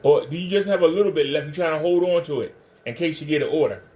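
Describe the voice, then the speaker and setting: A man with a slightly high, darkish voice hosts a livestream, talking fast as he rants confrontationally and hammers the same pointed questions again and again.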